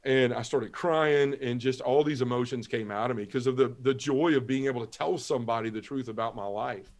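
A man's voice: mid-range voice, brisk. A man guest on a talk show, telling his personal conversion story and acting out the dialogue as he goes. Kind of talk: personal testimony.

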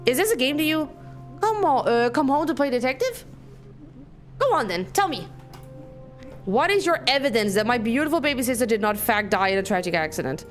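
A woman's voice: fairly high pitch, big pitch swings, brisk, long pauses, soft background music. A woman reading aloud a grieving, bitter woman who defends her dead sister in a narrative game. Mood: bitter, accusing. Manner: bitter and accusing.

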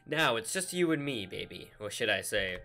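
Man doing a pirate-voiced game villain, sneering, vengeful, unstable, bright edge. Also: fairly low pitch, very animated, normal speed, vocal fry, soft background music, exaggerated voice. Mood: menacing mocking. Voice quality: mocking pirate voice.

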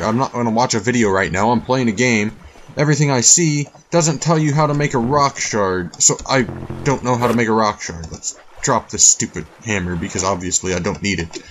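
A man's voice: mid-range voice, slight background noise. A man doing let's-play commentary on a survival game, rambling and easily frustrated, talking to things in the game. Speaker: gaming YouTuber.

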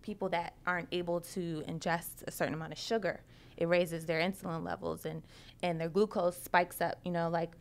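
A woman's voice: fairly low pitch, level tone, fairly quick, gravelly. A woman, a personal trainer, talking in a casual talk show chat in an emphatic, passionate way. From United States. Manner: emphatic and passionate, laughs often.

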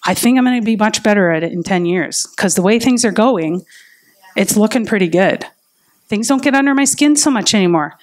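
A woman preaching a sermon in an earnest, personal way, telling stories of her own faith. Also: medium pitch. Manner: earnest and personal, with lively retold inner dialogue.

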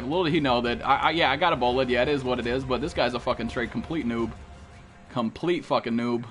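A man's voice: fairly high pitch, a bit bright. A young man streaming a video game, talking to his chat with brash, profane trash talk. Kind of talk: live gameplay commentary.

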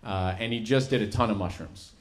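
A young man performing a stand-up set, animated and leaping into high excited voices for the people in his stories. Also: brisk. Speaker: stand-up comedian. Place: comedy venue. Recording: loud laughing crowd.

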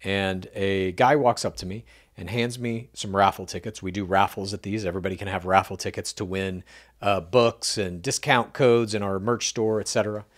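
A man co-hosting a casual podcast, telling an anecdote with animated delivery and acting out the dialogue he quotes. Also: fairly low pitch, moderate pace. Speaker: podcast co-host. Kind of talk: casual podcast chat, storytelling.

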